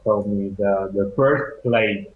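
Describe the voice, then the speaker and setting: A man's voice: fairly low pitch, slow pace. A Taiwanese man whose first language is Mandarin, speaking English hesitantly with many fillers and restarts as a student in an online lesson. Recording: echoey, tinny call audio.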